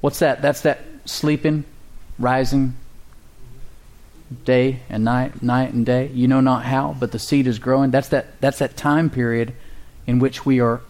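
A man's voice: medium pitch, little pitch movement, measured pace, a little mellow. A male pastor preaching a sermon and leading a prayer, with a preaching cadence and call-and-response with the congregation.

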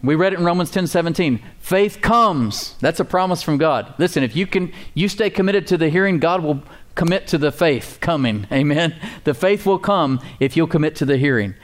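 A man's voice: a little high, lively intonation, moderate pace. A man preaching a sermon to a congregation in church, emphatic and casual, repeating key words and asking for amens. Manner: casual preacher's talk with fillers and folksy asides. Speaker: pastor. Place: church before a responding congregation.

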